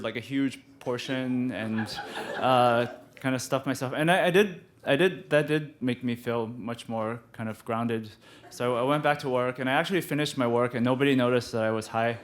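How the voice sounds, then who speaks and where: A man telling a personal story live, halting and restarting often, with frequent laughter in his voice. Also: mid-range voice, noisy background.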